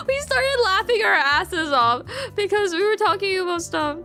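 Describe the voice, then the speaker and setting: A woman streamer chatting casually to her viewers, rambling with lots of filler words and restarts and swinging between giggly highs and low mumbles. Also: big pitch swings, moderate pace, hardly any pauses, bright, forceful tone, soft background music. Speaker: VTuber streamer.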